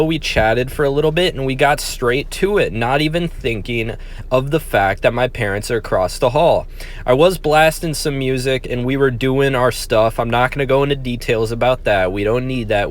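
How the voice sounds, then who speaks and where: Candid, swearing young guy telling a story. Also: medium pitch. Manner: candid, profane, self-deprecating. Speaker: vlogger. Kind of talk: casual storytime vlog.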